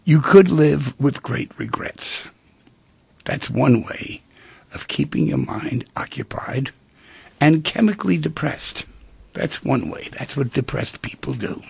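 Gravelly, animated radio host man. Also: medium pitch, slow, dry recording. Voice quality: gravelly, husky voice. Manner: animated storytelling, acts out quoted people. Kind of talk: radio talk monologue. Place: radio studio.

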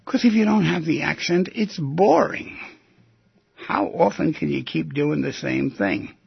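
Gravelly, husky man hosting a show. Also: fairly high pitch, lively intonation, a little slow, dry recording, highs cut off. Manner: musing, asks the listener rhetorical questions. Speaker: radio show host. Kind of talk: reflective talk show monologue.

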